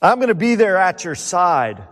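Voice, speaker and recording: A proud, insistent disciple, quoted by a male preacher, somewhat high voice in a reverberant hall. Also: big pitch swings, moderate pace, a bit bright. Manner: insistent, emphatic. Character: boastful, stubborn male disciple.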